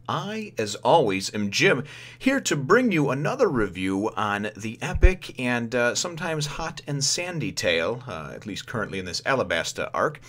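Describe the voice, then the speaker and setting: In a medium-pitched, sing-song voice that's a bit bright, this man speaks at a normal speed while giving a casual review of a manga chapter. His delivery rambles and is packed with fillers; he laughs as he retells events and acts out characters' lines in a raised voice.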